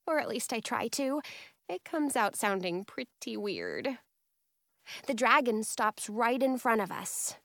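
High, slow-reading woman storyteller. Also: gravelly, no echo, studio quality. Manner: expressive, playing every character. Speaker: storybook narrator. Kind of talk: first-person storybook narration.

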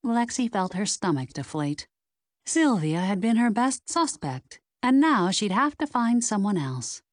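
Slow, expressive woman audiobook narrator. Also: medium pitch, no room sound, studio quality. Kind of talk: scripted mystery narration.

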